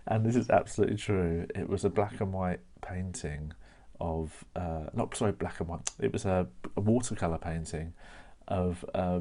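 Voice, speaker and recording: A man's voice: sits low, mellow. A young man. He keeps it chatty, laughing at his own lines and tossing in "mate" and "innit". He performs at home to a camera, with no audience to answer him. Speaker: stand-up comedian. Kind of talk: stand-up storytelling without an audience.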